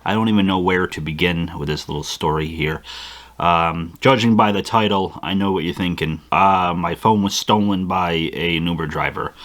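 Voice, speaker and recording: Young male vlogger, lower pitch, casual animated storyteller who restarts and stumbles often. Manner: animated retelling with frequent restarts and acted-out inner quotes.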